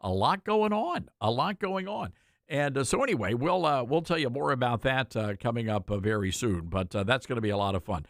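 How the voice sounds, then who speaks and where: A man's voice: mid-range voice, expressive, brisk, a bit bright, no room sound, clean studio sound. A man hosting a talk radio show, speaking in an emphatic, folksy way.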